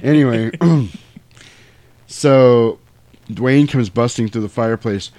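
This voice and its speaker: A mid-pitched man recaps a film in easygoing talk, jumping into lively impressions of the characters as he goes. His speech is loose and peppered with swearing. The sound is close and dry, with no room around it. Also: slow pace, no room sound. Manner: animated storytelling, acts out quotes, swears freely. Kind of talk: casual movie recap chat.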